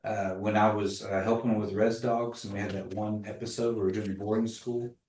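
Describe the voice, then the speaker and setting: Male teacher, lower voice, patient and casual, recorded from a distance in an echoey classroom. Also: level tone, fairly quick, darkish tone, a little hiss or hum. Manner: patient, models pronunciation, tells anecdotes. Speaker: language teacher.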